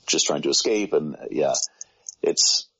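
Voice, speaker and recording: A man's voice: unhurried, bright, forceful tone, slightly rough. A man, a voice actor guest, chatting casually and self-deprecatingly with rambling restarts. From United Kingdom. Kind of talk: casual conversation. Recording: muffled low-fidelity sound.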